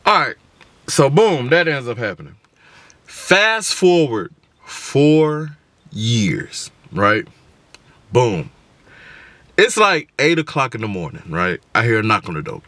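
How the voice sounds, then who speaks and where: A man telling an animated, slangy story from his car, acting out every voice he quotes. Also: medium pitch, moderate pace, dry recording. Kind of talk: casual storytime. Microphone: camera in the car.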